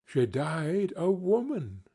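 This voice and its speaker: A man voicing a calm, grave spirit who speaks quietly and deliberately in a storybook reading. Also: on the high side, vocal fry, breathy edge, pitched above the performer's own voice, exaggerated voice. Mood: solemn. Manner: quiet, measured.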